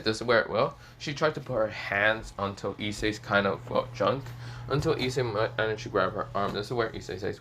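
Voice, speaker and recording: A man's voice: on the low side, animated, fairly quick, a bit bright, breathy edge. A man improvising a fan story aloud, rambling and hesitant, with many fillers.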